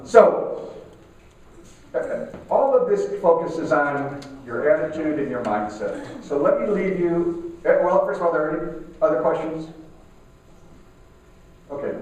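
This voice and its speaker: A middle-aged man giving a motivational talk to a live audience, conversational, repeating himself and slowing down to stress key lines. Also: fairly high pitch, a little mellow, a little hiss or hum. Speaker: keynote speaker. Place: conference room at a networking event. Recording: echoey room, mic from far off.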